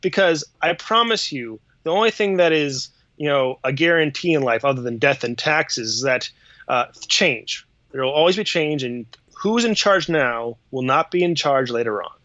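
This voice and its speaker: Bright-voiced wry male co-host. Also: a little high, lively intonation, normal speed, no room sound. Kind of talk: casual political commentary. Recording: dull lo-fi, dry sound.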